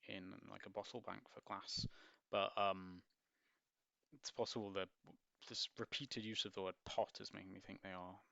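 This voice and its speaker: A man's voice: on the low side, vocal fry, pushed and bright, no room sound, muffled recording. A man reading a picture book aloud and breaking off for wry, musing asides with hesitant ums. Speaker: book reviewer.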